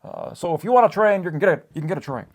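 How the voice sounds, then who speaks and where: A man doing an impression of a former male president, speaking with measured pauses and many uhs. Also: high voice, expressive, a little hiss or hum, pitched above the performer's own voice. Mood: reassuring. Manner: halting speech-style pauses with many uhs.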